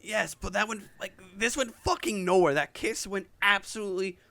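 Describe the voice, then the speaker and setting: A man's voice: high-pitched, normal speed, creaky, bright, forceful tone, no room sound. A man co-hosting a casual movie podcast, chiming in with blunt, profane remarks. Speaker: podcast co-host. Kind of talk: casual movie review chat.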